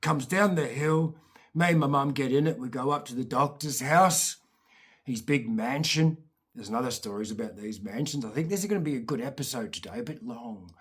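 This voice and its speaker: A Scottish man telling comic childhood stories in a casual, animated way, with swearing and laughter. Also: mid-range voice, moderate pace, husky. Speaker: storyteller, channel host.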